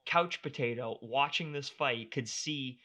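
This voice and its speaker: A man's voice: mid-range voice, measured pace. A young man co-hosting a casual podcast, ranting in exasperation and swearing freely. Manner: animated, exasperated ranting with profanity. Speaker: podcast co-host. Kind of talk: casual chat.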